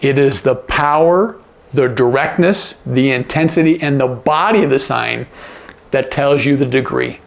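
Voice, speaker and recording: In an unhurried, creaky voice of medium pitch, a man walks through sign language casually by demonstrating. He regularly asks "okay?" along the way.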